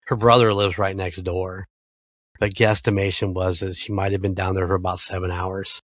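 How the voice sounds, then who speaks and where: A man's voice: low-pitched, flat delivery, normal speed, fairly bright tone, no echo. A middle-aged American man, a podcast co-host, telling a family story in casual chat and swearing freely. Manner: storytelling, swears freely, acts out quoted lines.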